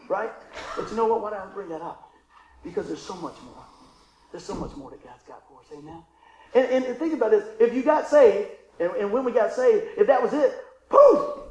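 A man preaching a sermon as pastor, swinging between loud calls and hushed asides. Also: high-pitched, reverberant, slight background noise, poor audio. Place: church sanctuary.

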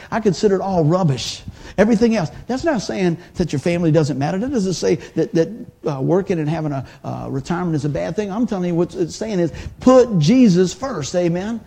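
A man's voice: high-pitched, gravelly, warm tone, breathy edge. A male pastor preaching a sermon in a conversational, folksy way, often adding "man" and "amen".

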